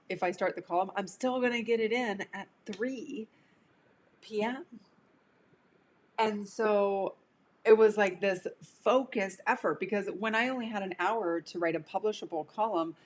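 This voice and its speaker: A woman coach talking casually on a live stream, chatty and prone to digressions. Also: medium pitch. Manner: chatty, digressive, laughs easily. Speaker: career coach.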